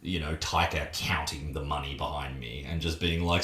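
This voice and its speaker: Deep-voiced man ranting about a film. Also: soft background music. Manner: animated, digressive, swearing, quick asides. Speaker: film podcast co-host. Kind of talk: casual film review chat. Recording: roomy echo.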